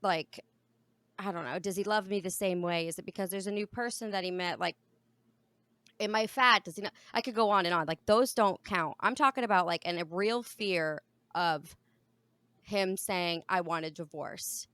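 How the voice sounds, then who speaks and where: A woman's voice: mid-range voice, normal speed, bright, forceful tone, clean tone, no echo. A young adult woman co-hosting a podcast, chatting casually and frankly and swearing freely. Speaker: podcast co-host. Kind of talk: casual chat.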